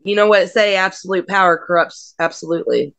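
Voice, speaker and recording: A woman's voice: lowish voice, fairly quick, a bit bright, no room sound. Blunt, brash woman wrestler telling stories. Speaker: wrestler, guest. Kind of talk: casual interview storytelling.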